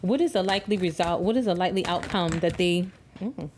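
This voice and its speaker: A woman's voice: on the low side, brisk, a little mellow, a little hiss or hum. A woman giving a tarot love reading in an emphatic, preachy way, repeating words for stress. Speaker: tarot reader.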